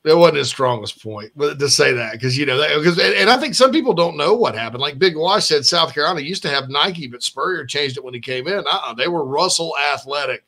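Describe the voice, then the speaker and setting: A man hosting a sports podcast, chatting casually in a rambling, animated way with frequent restarts. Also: on the high side, fast talker, few pauses.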